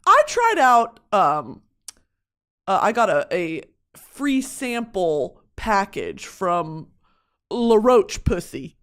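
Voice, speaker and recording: Animated, swearing young woman podcaster. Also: mid-range voice, very slow. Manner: expressive, swears a lot, mocking self-talk. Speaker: podcast host. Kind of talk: casual chat. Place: home studio.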